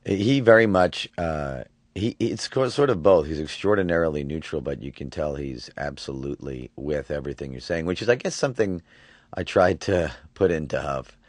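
A man around forty, a voice actor talking in an interview, halting and restarting his words often. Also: rumbling low, animated, dry recording. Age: 40s. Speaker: voice actor guest. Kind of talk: relaxed interview talk.

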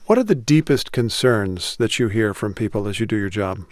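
A man's voice: lowish voice, lively intonation, brisk, no room sound. A man interviewing a guest for the news, asking direct and probing questions.

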